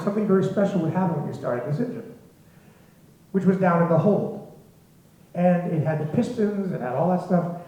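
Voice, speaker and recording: Male storyteller, lively and chuckling; higher voice, dull lo-fi echoey hall sound. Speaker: storyteller at a symposium. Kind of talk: spoken anecdote to a live audience.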